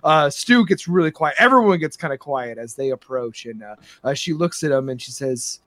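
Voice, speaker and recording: A man narrating a tabletop game as game master, rambling and filling pauses with lots of uhs. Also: on the high side, fairly bright tone, no room sound.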